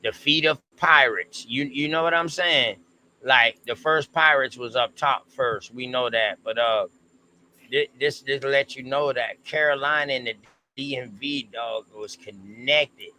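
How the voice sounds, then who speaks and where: A man with a bright, forceful voice co-hosts a relaxed history stream. He talks in slang and draws out his thoughts, with faint noise underneath. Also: mid-range voice, poor audio. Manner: laid-back, slangy, drawn-out. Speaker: co-host. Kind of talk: casual history discussion stream.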